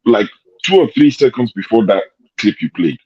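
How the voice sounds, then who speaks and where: Man, Nigerian accent, dark mellow voice, argumentative host, lo-fi call sound. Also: fairly low pitch, very animated, moderate pace, breathy edge. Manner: argumentative, rhetorical questions. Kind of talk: online discussion show.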